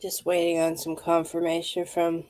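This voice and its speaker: A woman's voice: fairly low pitch, monotone, normal speed, a little mellow. A wheezy woman in her fifties giving a live card reading, speaking intuitively to viewers by name. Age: 50s. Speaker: tarot card reader.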